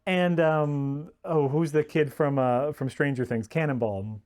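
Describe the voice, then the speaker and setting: A man with a somewhat raised voice critiquing a film on a podcast. He speaks in a measured, halting way, pausing on "uh" as he gathers his thoughts. His tone is dry and critical, in a casual chat. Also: on the high side, fairly even intonation, a little mellow. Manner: measured, hesitant, with many "uh" pauses, dryly critical.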